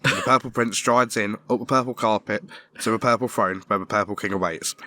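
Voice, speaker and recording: Middle-aged male co-host spinning a silly story, bright tone, dry recording. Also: lowish voice, brisk, dry recording. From Britain. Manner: repetitive shaggy-dog joke telling, laughing through lines. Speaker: podcast co-host. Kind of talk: comic storytelling among friends. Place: garage.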